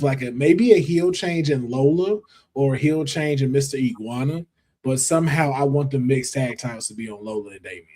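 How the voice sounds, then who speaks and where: A man's voice: medium pitch, warm tone. A man hosting a podcast, chatting casually and often trailing off and restarting. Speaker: podcast host. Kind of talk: casual wrestling chat.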